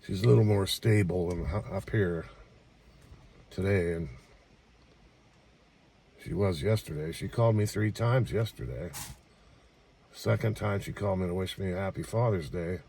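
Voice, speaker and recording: Sitting in a small care home room, a vlogger talks casually to his camera in a deep, gravelly, husky yet mellow voice. He speaks at a moderate pace with frequent pauses, rambling and repeating himself in exasperation, picked up by a distant mic.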